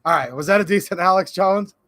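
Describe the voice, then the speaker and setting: Jokey male streamer chatting with viewers; high, gravelly tone, recorded dry. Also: quick pace, fairly bright tone, no echo. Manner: laughs a lot, reads chat aloud, jokey. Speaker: livestream host. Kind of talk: casual live-stream chat.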